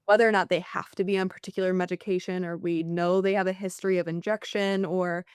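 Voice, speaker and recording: A woman in her twenties, a graduate researcher, explaining her study in a relaxed, chatty way as a podcast guest. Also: fairly low pitch, fast, smooth, no room sound, studio quality. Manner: relaxed, chatty with fillers like 'like'. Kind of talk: casual interview explanation.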